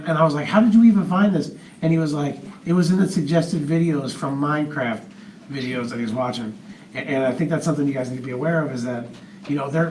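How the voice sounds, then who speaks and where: A man's voice: fairly high pitch, far from the mic. A father making a comment to the speaker, rambling and hesitant with many restarts. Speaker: parent and event partner. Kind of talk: comment from the audience. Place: large room with an audience. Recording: echoey room, off-mic, faint noise.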